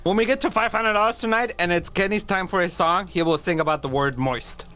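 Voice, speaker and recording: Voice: mid-range voice, a bit bright, faint music behind. A player at a tabletop game, joking and bantering playfully with the table. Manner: playful, joking, quick to laugh.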